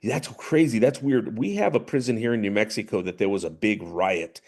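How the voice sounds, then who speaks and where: A man hosting a podcast, asking casual interview questions in a halting way. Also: on the low side, darkish tone. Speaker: podcast host.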